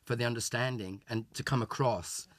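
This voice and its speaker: A man's voice: medium pitch, brisk, no room sound. An older man from England, a guest in a casual interview, reminiscing in a chatty way with many restarts. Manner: chatty, repeats and restarts words. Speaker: interview guest, former child show actor.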